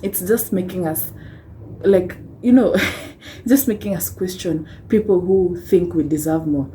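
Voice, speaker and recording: A woman's voice: on the low side, a little slow, warm tone, slight background noise, poor audio. A young Kenyan woman with a Kenyan accent ranting on a vlog, impassioned and rhetorical, tagging points with "hmm?" and wry laughs. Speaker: vlogger.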